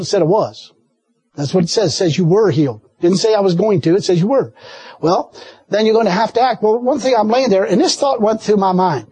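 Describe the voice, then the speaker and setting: Husky high-voiced preacher telling a story. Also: male voice, no room sound. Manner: folksy storytelling, animated, frequent laughter. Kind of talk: sermon.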